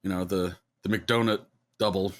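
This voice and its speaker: A man's voice: sits low, fairly even intonation, normal speed. A man from Canada, co-hosting a podcast and chiming in casually with a friend. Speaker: podcast co-host. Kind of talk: casual chat.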